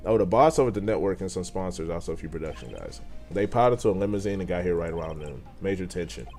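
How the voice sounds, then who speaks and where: A man reading aloud the lines of an awkward, nerdy male TV director from a video game, in a quick, mumbling delivery. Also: sits low, animated, darkish tone, soft background music. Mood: offhand.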